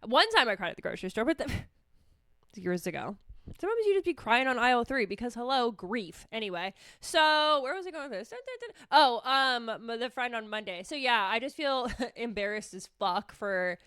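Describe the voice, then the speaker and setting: A woman's voice: fairly high pitch, lively intonation, moderate pace, pushed and bright, clear, resonant tone, no echo, studio quality. A woman therapist hosting a casual solo podcast, talking candidly with lots of swearing and self-mockery. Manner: candid, chatty, swears freely, self-mocking.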